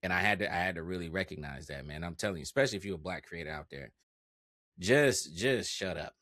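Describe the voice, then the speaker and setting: A young man, a content creator guest on a podcast, telling stories in a lively, slangy way and swearing freely. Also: low-pitched, quick pace, no echo, clean studio sound. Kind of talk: casual podcast chat.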